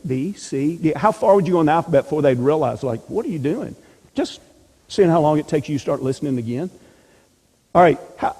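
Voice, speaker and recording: Mellow man teaching a church class. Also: a little high, husky. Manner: emphatic, asks rhetorical questions. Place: church meeting room. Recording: long hall reverb.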